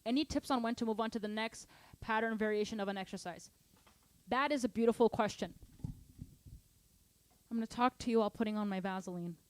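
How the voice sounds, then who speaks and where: A woman's voice: a little high, fairly quick, pauses often. A woman teaching drums in a casual online lesson, chatty and playful, singing patterns aloud. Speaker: drum teacher answering student questions. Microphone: studio microphone at drum kit.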